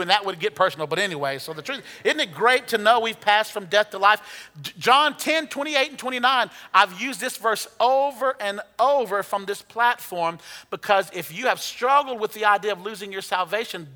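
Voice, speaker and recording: A man with a high, bright voice preaches to his congregation in a church sanctuary. His tone is playful, and he has the people read verses aloud with him. A long reverb from the hall trails every phrase. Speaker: pastor. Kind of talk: sermon.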